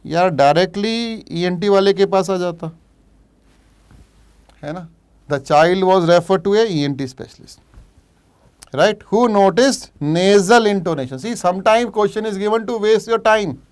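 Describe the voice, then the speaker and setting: A middle-aged Indian man teaches a live online medical revision class in a clear, resonant voice pitched a little high. He reads cases aloud, answers students from the chat by name, and slips into Hindi for quick asides. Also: lively intonation. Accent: Indian English. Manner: explains cases while reading out viewers' chat answers.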